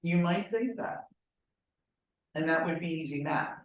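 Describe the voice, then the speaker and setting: A woman's voice: sits low, measured pace, dull audio. A woman leading a real estate training class, speaking directly and with animation, often asking rhetorical questions. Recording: echoey room, voice from far off.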